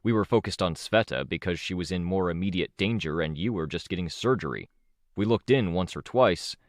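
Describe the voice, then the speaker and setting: A man voicing a calm, reassuring young leader. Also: fairly quick, no room sound, clean studio sound, lightly acted. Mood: earnest. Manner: calm, reassuring, low-key.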